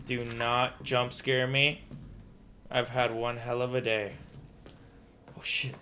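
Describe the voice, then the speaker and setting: Jumpy young man doing slow game commentary. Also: mid-range voice, level tone, pushed and bright, a little hiss or hum. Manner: jumpy, talks to viewers, mutters to himself. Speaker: gaming streamer. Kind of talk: casual let's-play commentary.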